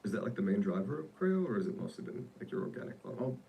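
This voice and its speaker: Deep, gravelly, fast-talking man. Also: big pitch swings, lo-fi sound, slight background noise. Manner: quick, curious questioning, casual slang. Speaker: podcast interviewer. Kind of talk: casual podcast interview.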